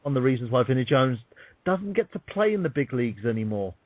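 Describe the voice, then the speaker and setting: A man's voice: medium pitch, big pitch swings, fast talker, no echo. A man, co-hosting a podcast, joking and swearing freely. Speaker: co-host. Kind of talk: casual podcast chat. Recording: muffled lo-fi audio.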